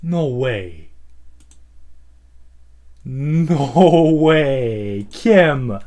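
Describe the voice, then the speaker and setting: A man's voice: medium pitch, drawn-out words, pauses often. A man hosting a comedy podcast, riffing in a rambling, profane, swaggering way. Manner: profane, animated, swaggering storytelling. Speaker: podcast host.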